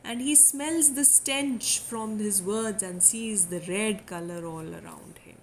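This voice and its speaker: Indian English woman, literature lecturer, mid-pitched, explaining a poem, faint hiss behind. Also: takes it slowly, low-quality recording. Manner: reads quoted lines with emphasis, then paraphrases.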